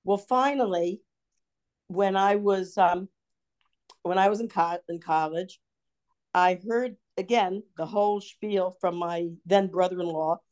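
A woman's voice: fairly low pitch, measured pace, darkish tone. An older woman with a Baltimore accent, chatting casually with her son and telling rambling stories full of restarts and laughs. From Baltimore area. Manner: rambling storyteller, laughs often, many restarts. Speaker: podcast co-host, mother. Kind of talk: casual family chat.

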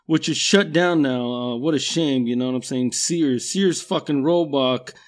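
A man's voice: medium pitch, a little slow. A middle-aged man from a Mexican-American background telling casual, profane stories in a rambling way, laughing at himself. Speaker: storyteller.

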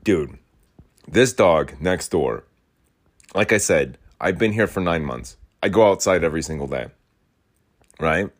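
A young man with a low, deep voice talks in a loose, rambling rant. He swears often, circles back to the same complaints and repeats himself, moving in and out of his rural home as he talks. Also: expressive, a little slow, long pauses. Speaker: podcast host. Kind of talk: rambling casual monologue.

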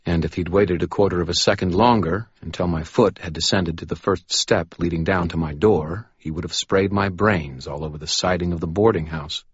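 A man narrating a first-person story in a dry, wry, deadpan way. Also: low-pitched, slightly rough, no room sound, muffled recording. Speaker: audiobook narrator.

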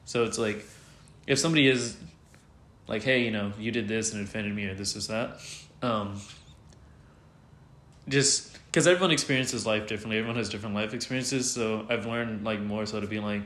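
Low-ish voiced guy talking fast and loose, lots of likes and cussing, roomy echo. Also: a bit bright. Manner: rambling, frequent fillers and swearing. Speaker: guest. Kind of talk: candid casual conversation.

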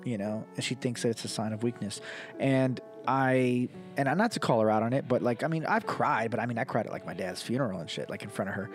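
A man's voice: mid-range voice, fast, soft background music. Profane, laid-back male podcast host. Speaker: podcast co-host reading stories. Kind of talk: casual comedic chat and reading aloud.

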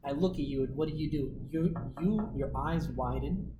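A man teaching a team meeting, confident and direct as he walks through examples. His voice carries a roomy echo, and loud noise sits behind it throughout. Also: on the high side, moderate pace, phone-quality sound. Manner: assertive, explains with worked examples. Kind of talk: casual instructive talk. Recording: echoey room with loud background noise.

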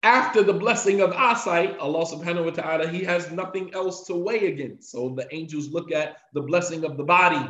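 A man preaching a devotional talk, emphatic, repeating key lines for effect and reciting Arabic passages quickly between his English explanations. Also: on the high side, fairly bright tone. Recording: echoey, slightly dull recording.

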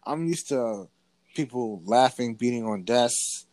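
A man's voice: medium pitch, a little slow, dry recording. Storytelling man, dry close sound. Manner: animated storytelling with frequent restarts. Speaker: podcast co-host. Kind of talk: casual conversation.

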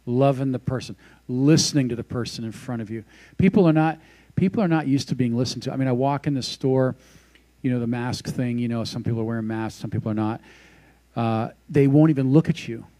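A man preaching in an easygoing, conversational way, moving from stories to scripture and into prayer. His voice is mellow and warm, sitting at an ordinary pitch. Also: brisk. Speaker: pastor. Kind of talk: casual devotional sermon.

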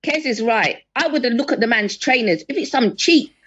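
A woman's voice: fairly high pitch, lively intonation, normal speed, a bit bright, husky. A woman talking firmly in a casual discussion on a video call, repeating her agreement for emphasis. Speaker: guest. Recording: muffled lo-fi video call audio.

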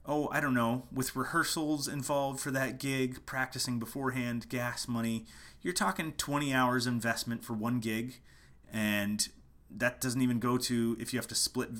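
A man's voice: mid-range voice, a bit bright. A man who is a musician gives a casual, passionate marketing lesson at home late at night, hammering home his points by repeating them. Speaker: musician teaching online marketing. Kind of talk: casual marketing talk to camera.

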